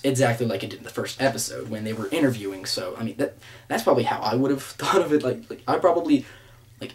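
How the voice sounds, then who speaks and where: A man's voice: medium pitch, darkish tone. A man giving casual reaction commentary on a show, rambling and hesitant, with many restarts, fillers and frequent laughs. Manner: laughs often. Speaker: vlogger reviewing a reality show episode.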